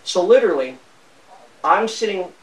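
A man's voice: high voice, lively intonation, moderate pace. A man giving police a profane, rambling, defensive account of a fight, recorded on a body camera. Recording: roomy body camera audio from a distance.

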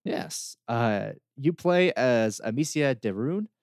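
A man's voice: medium pitch, animated, slow, a little mellow, no room sound, studio quality. A man co-hosting a casual game review chat, easygoing, with lots of fillers and laughter. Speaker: podcast co-host reviewing games.

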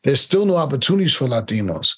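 A man's voice: mid-range voice, big pitch swings, fast talker, husky. Man talking through an interview, rambling. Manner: rambling, repeats words while finding his point; mimics other people's accents while telling stories. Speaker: casting director. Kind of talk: casual interview conversation.

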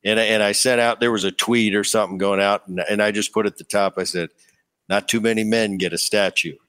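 Lower-voiced middle-aged male host. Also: steady tone, a bit bright, clear, resonant tone. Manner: friendly, chatty, quick restarts. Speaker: podcast host, former baseball player. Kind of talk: conversational interview.

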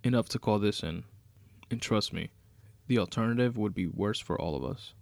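A man's voice: on the low side, moderate pace, vocal fry, a little mellow, dry recording. A man voicing a pushy male prison warden calling in a favor, firm and insistent.

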